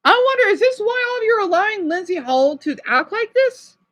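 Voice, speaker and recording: A man's voice: very high voice, very animated, fairly quick, fairly bright tone. A man ranting at his livestream chat, agitated and exasperated, scolding and sighing with tiredness.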